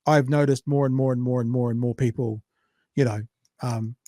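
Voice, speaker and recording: A man's voice: mid-range voice, steady tone, normal speed, warm tone, dry recording, studio quality. A man with a New Zealand accent, co-hosting a podcast and telling rambling, anecdotal stories, sometimes with swearing. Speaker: podcast co-host. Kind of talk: casual chat.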